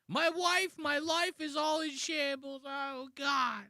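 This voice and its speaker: A man putting on a high, whining, panicky voice to mock a comedian's nervous delivery. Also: steady tone, takes it slowly, creaky, sharp tone, no echo, clean studio sound, exaggerated voice. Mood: mocking whine. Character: whiny panicky man mocking a comedian's act.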